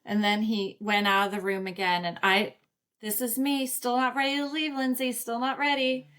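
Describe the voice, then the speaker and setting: A woman's voice: on the high side, flat delivery, moderate pace, a bit bright. A woman guest on a podcast, candidly retelling events and acting out quoted dialogue. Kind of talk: casual storytelling interview.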